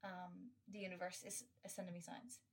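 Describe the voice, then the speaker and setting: A woman's voice: on the low side, little pitch movement, a little fast, distant mic. A young woman hosting her own podcast, talking candidly and earnestly in a casual solo monologue, swearing freely and with many fillers. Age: young adult. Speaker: podcast host.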